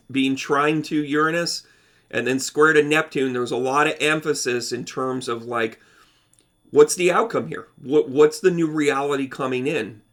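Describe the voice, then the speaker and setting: Male channel host, bright tone, mid pitch, casual rambling explainer who talks straight to camera. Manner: rambling, self-correcting, chatty, addresses viewers directly. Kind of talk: casual explanatory talk over charts.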